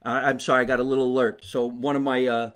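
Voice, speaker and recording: A man's voice: medium pitch, flat delivery, fast. A middle-aged man with a New Jersey accent, rambling bluntly and swearing freely in a casual live-stream monologue from his basement. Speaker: comedian host. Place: home basement.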